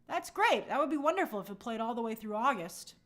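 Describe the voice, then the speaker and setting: A woman's voice: fairly high pitch, animated, quick pace, fairly bright tone. Chatty woman hosting a live stream. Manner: casual, thinking aloud with frequent fillers. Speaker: host. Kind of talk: live-stream chat reading viewer comments.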